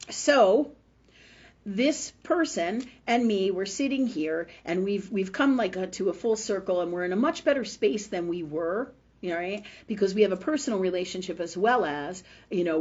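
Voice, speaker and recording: Hosting a spiritual livestream while under the weather, this woman in her fifties talks casually but bluntly, swearing, pressing her points, and tossing in "right?" again and again. Her voice is on the low side and a little mellow. Sound comes through a webcam or phone mic, dull and slightly lo-fi.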